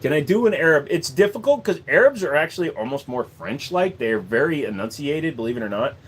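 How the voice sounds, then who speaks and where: A man hosting a relaxed livestream Q&A, joking with viewers and sliding into accent impressions. His voice sits a little higher than most men's. He speaks into a desk microphone. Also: fairly quick, husky. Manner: jokey, slips into accent impressions. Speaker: livestream host. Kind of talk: casual livestream Q&A chat.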